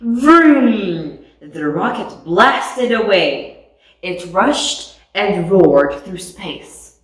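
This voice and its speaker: A woman reading a picture book aloud with slow, expressive storytelling. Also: fairly low pitch, far from the mic. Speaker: storybook reader. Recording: echoey room, voice off mic.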